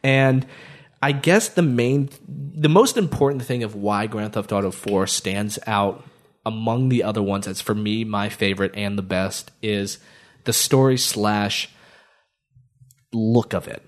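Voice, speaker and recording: A man's voice: fairly low pitch, measured pace. A man in a casual chat, telling stories with eager enthusiasm and lots of fillers. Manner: enthusiastic rambling storyteller, many fillers.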